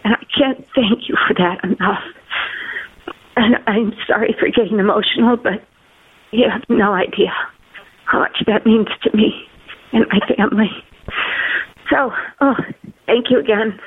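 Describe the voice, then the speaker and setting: A woman's voice: mid-range voice, slightly rough. Older woman on a tinny phone line. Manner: heartfelt, halting, many fillers. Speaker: seminar attendee giving a testimonial. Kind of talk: emotional testimonial over the phone.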